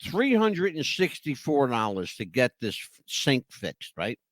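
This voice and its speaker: On a dry recording, a male podcast co-host reads chat messages during a live show, chatting rowdily with plenty of swearing and "you know" fillers. His mid-range voice has a sing-song lilt, a measured pace and a fairly bright tone.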